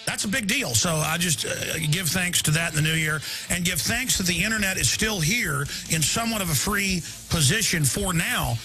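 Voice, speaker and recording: Gravelly, high-voiced radio host. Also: male voice, animated, normal speed, hardly any pauses, over music. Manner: rambling, indignant, with restarts. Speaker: radio talk show host. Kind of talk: live talk radio monologue.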